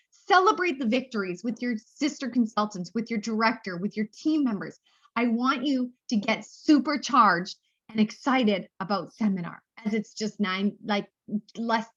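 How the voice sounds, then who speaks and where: Woman, high-ish voice, gushing motivational speaker, lo-fi dull recording. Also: fairly bright tone. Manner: bubbly, gushing, repeats phrases for emphasis. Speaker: sales director giving a motivational talk. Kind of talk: motivational pep talk.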